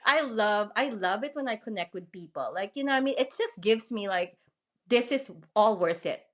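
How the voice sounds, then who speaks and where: A woman from the Philippines with a Filipino accent, hosting a podcast interview in a frank, animated way with lots of fillers. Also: medium pitch, moderate pace. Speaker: podcast host. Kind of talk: casual interview chat.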